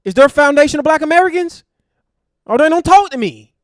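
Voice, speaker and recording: A man's voice: very high-pitched, lively intonation, fairly quick, dry recording, studio quality. A man hosting an online show, delivering a fiery, preachy rant to his live chat. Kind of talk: impassioned livestream rant.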